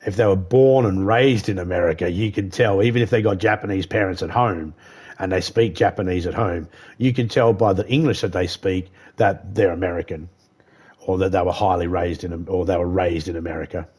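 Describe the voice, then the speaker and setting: A man's voice: sits low, a little fast, a little mellow, slightly rough. A man live streaming a game, chatting casually in a rambling, profane way that circles back over his points. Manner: rambling, profane, repeats himself. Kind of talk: casual chat while gaming.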